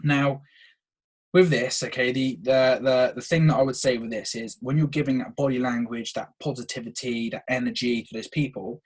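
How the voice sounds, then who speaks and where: A man's voice: mid-range voice, steady tone, moderate pace, husky. A young man hosting a solo podcast, talking with eager energy and peppering his points with "okay". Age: young adult. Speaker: podcast host. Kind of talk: solo motivational podcast talk.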